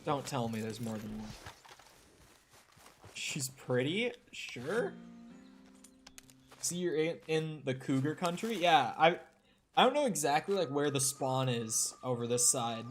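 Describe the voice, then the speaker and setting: Faint music sits behind this young streamer's voice, which is a little high and lively in intonation at a moderate pace. Playing a video game, he keeps up a chatty conversation with his viewers and curses now and then.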